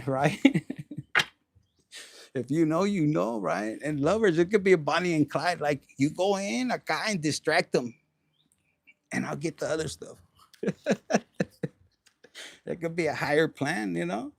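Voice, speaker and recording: A man doing a casual, animated tarot reading, swearing often and slipping into Spanish slang. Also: on the high side, unhurried, vocal fry, pauses often. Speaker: tarot reader.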